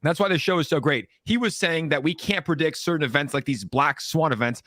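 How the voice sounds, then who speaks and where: A man's voice: on the high side, fairly quick, fairly bright tone, dry recording, studio quality. A man hosting a casual crypto livestream, upbeat and teasing his guests. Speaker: host.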